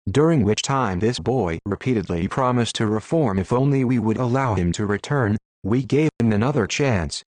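A man narrating an audiobook in a measured, solemn reading. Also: lowish voice, a little mellow, dry recording. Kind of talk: scripted narration.

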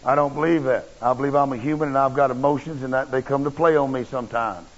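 Preacher guy, husky gravelly voice, folksy and blunt, muffled lo-fi tape. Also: medium pitch, steady tone, quick pace. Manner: folksy, blunt and emphatic, with rough restarts. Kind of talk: sermon with personal storytelling. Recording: dull lo-fi recording.

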